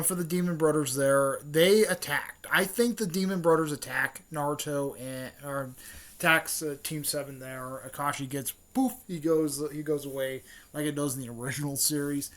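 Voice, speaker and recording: Fan channel host, male, higher-pitched voice, loose rambling delivery, swears casually. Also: moderate pace, fairly bright tone.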